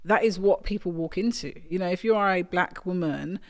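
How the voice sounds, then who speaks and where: A woman's voice: lowish voice, fairly quick. A woman from England speaking as a guest executive coach in a casual podcast conversation, earnest and emphatic. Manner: earnest, emphatic, frequent agreeing. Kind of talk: casual interview chat.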